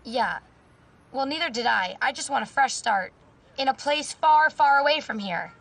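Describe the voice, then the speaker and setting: An actress voicing a weary young woman who speaks in a quiet, hesitant way. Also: sits high, animated, moderate pace, vocal fry, far from the mic, exaggerated voice.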